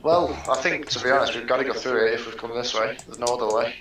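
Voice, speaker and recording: A man's voice: mid-range voice, quick pace, a crowd in the background. A man playing in a tabletop game, chatting in an easygoing, practical way about how his character proceeds. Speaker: player. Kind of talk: casual tabletop game talk. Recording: very echoey room, far from the mic.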